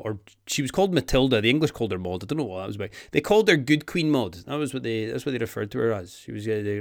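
A Scottish man gives a loose, comic history talk, wandering into jokes and asides as he goes. His voice sits at an everyday pitch, and it is recorded close and dry, with no room sound. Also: no room sound. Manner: jokey, digressive, chatty asides. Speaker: history presenter.

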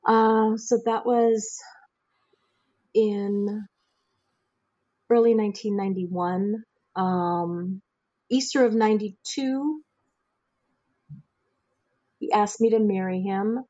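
A middle-aged Midwestern American woman, speaking at a slow pace with long pauses in a medium pitch, frankly tells her life story as an interview guest. She acts out quoted voices with lively jumps, on a dry, lo-fi recording.

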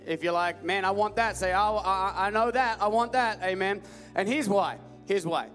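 Southern preacher man, young, high tenor, fervent call-and-response, big echoey church with music faint underneath. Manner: energetic call-and-response preaching, rising to loud emphatic repetition. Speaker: pastor. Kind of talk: sermon. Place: large church hall with live audience.

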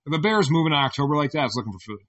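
A man's voice: on the high side, lively intonation, racing, fairly bright tone, recorded from a distance, dull audio. A man co-hosting a podcast, telling a story in loose casual chat, rambling and swearing freely. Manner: rambling, swears freely, retells with quoted voices. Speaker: podcast co-host.

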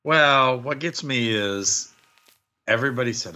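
A man's voice: medium pitch, a little slow, bright, forceful tone. A man co-hosting a casual podcast, making wry, grumbling remarks. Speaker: podcast co-host. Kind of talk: casual chat.

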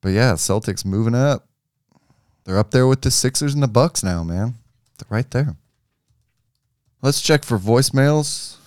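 A man's voice: medium pitch, animated, a little slow, pauses often, darkish tone, dry recording, clean studio sound. A man co-hosting a casual basketball podcast, loose and joking, with easy swearing. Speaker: podcast co-host.

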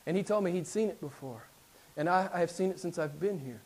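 A middle-aged male pastor with a high, light voice delivers a sermon in a church. He sinks into quiet, low stretches, then climbs to loud, forceful emphasis. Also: fast. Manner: swings from hushed low passages to loud emphatic declarations. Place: church sanctuary.

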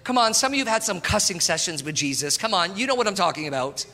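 Male pastor preaching, high pitched and very bright, in a reverberant hall; animated, talks straight to the congregation. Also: fast. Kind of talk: sermon.

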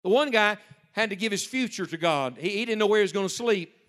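Male pastor, lightly raised pitch, storytelling sermon, hushed-to-urgent dynamics. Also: fast talker. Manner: storytelling, swings between hushed and loud urgent emphasis. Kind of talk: sermon to young people.

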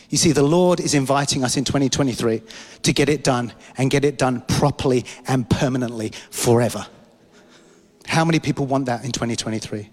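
A man's voice: mid-range voice, fast talker. A man in his forties preaching a sermon and telling a personal story, his voice rising and dropping with emotion. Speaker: pastor. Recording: long hall reverb.

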